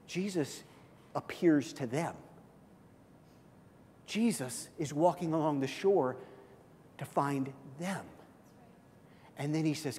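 A man preaching a sermon with a high voice that rings out in a large hall with a long reverb. He swings between loud, urgent passages and hushed, near-quiet moments, and slips into quoted voices as conversational asides. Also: takes it slowly, pauses often, a little hiss or hum. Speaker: pastor.

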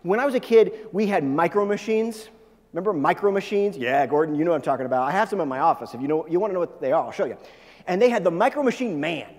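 A middle-aged man preaching a sermon as a pastor, talking fast and emphatic, often repeating phrases. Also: a little high, animated, darkish tone, big-room sound.

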